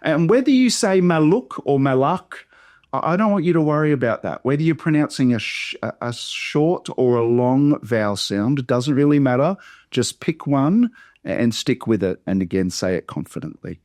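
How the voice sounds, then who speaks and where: Australian pastor, mid-pitched, slow careful syllable-by-syllable workshop teaching, dry close sound. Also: male voice, animated, darkish tone, no echo. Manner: slow, deliberate syllable-by-syllable modelling. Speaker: pastor teaching Bible reading.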